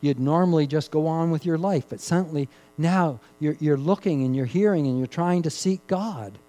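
A male pastor delivers a sermon in a warm, mellow voice that sits a little high for a man. He climbs to loud, emphatic peaks, then drops to a hushed, slowed delivery, repeating key phrases to drive them home. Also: faint music behind, low-quality recording.

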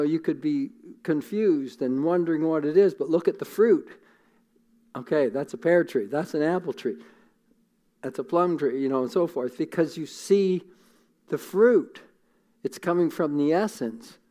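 A middle-aged man preaches a sermon in a high-pitched voice. He is earnest and emotional, repeats his phrases for weight, and sometimes drops to a near hush. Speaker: pastor.

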